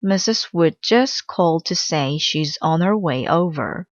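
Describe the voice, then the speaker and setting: Woman voicing a firm kind mother, storybook read-aloud, low-ish voice, dry. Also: animated, a little slow, no echo. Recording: slightly dull dry recording.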